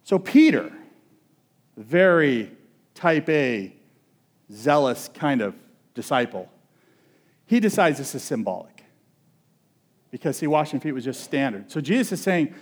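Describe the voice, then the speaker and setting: A male pastor preaching a sermon in a relaxed, conversational and humorous way, often asking the audience questions. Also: a little high, unhurried, pauses often.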